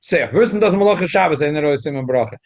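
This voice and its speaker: A man's voice: fairly high pitch, expressive, quick pace. A man teaching a Talmud class, with stumbling restarts and sudden emphatic rises. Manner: frequent stumbling restarts, rising emphatic jumps. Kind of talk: Talmud lesson.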